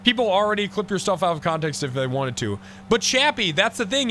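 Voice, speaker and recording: A man streaming live, chatting casually with an excitable, profane manner and mock-outraged outbursts. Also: high-pitched, a little fast, a little hiss or hum.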